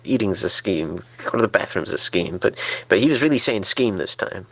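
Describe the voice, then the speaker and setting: A man's voice: on the low side, lively intonation, fairly quick, fairly bright tone. A man role-playing a flustered, anxious character in a tabletop game, stammering as he talks. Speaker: player.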